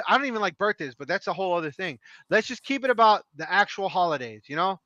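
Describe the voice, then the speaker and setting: Heated, high-voiced middle-aged man ranting. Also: lively intonation, fast, few pauses, bright, forceful tone, no echo. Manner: impassioned, profane, emphatic. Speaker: podcast co-host. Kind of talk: heated opinion rant. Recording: dry, dull lo-fi sound.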